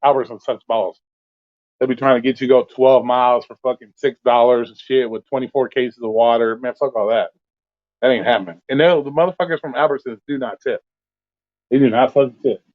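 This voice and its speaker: A man's voice: medium pitch, steady tone, a little fast, no echo. A blunt man holds forth in a loose, profane rant as host of an open call-in stream. His voice comes through a thin, phone-like line. The sound is dry and close, with no room around it. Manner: blunt, swears constantly, rants. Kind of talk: casual profane chat.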